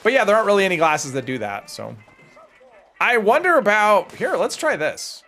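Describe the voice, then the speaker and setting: A man's voice: sits high, very animated, moderate pace, sharp tone, soft background music. A man streaming a game live, chatting casually while he plays and rambling through viewer comments with self-deprecating humor. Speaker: gaming livestreamer.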